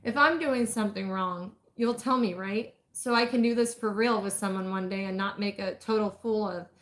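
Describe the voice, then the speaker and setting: An anxious young woman in a romance story speaks breathily and hesitantly, as a woman narrator reads her. The pitch sits in the middle range. The voice stays close to the narrator's own. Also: normal speed, fairly bright tone, lightly acted. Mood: pleading. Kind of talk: audiobook romance reading.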